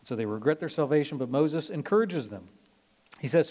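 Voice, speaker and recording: A man's voice: mid-range voice, quick pace, a little mellow. A male pastor giving a casual, conversational sermon, full of fillers and dramatized quotes. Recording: long reverb of a large hall.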